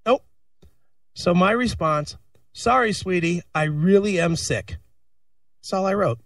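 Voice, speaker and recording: A man's voice: high-pitched, unhurried, a bit bright, dry recording, studio quality, far from the mic. A man co-hosting a casual radio talk show, recounting a personal story with swearing, just getting over an illness. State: recovering from illness. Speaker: co-host.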